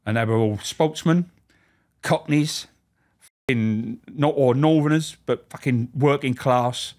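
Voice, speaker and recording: A man, a former prison officer, telling profane, animated stories as a podcast guest. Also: medium pitch, slow. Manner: animated, profane, laughing storyteller. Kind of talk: anecdotal storytelling.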